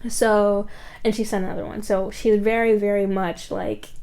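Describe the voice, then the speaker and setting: A woman's voice: medium pitch, little pitch movement, measured pace, a little mellow. A woman vlogger telling a story in a casual, rambling way, full of "like" fillers and blunt swearing.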